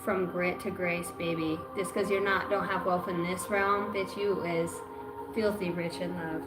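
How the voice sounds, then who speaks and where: A woman runs a livestream card reading in a casual, profane way, sometimes slipping into chanting. Her voice sits in a roomy, echoing space. Music plays clearly behind her. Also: lowish voice, steady tone, unhurried. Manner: loose, profane, bursts into chanting. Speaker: intuitive card reader.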